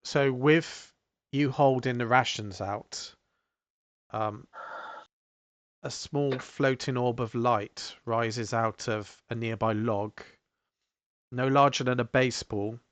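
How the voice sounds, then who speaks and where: A man narrating a tabletop role-playing game as game master, unhurried and hesitant, with many fillers. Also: mid-range voice, fairly even intonation, no room sound.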